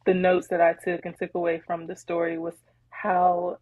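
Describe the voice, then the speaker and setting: A woman co-hosting a podcast, retelling a Bible story in casual chat with animated, laughing energy. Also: lowish voice, moderate pace, breathy edge, no echo, highs cut off. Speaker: podcast co-host.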